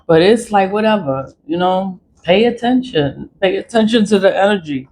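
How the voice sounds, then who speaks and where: Woman, casual spiritual vlog, rambling and repetitive, mid-pitched voice, faint background ambience. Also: animated, normal speed, darkish tone, a little hiss or hum, poor audio. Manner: rambling, repeats phrases, mimics others in quoted asides. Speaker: spiritual vlogger. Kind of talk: casual monologue to camera. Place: high-rise apartment in a city.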